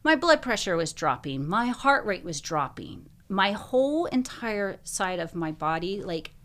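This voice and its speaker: A woman guest telling a personal story in conversation, animated and full of "like", acting out what people said. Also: medium pitch, unhurried. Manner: animated retelling, acts out quoted speech, frequent "like".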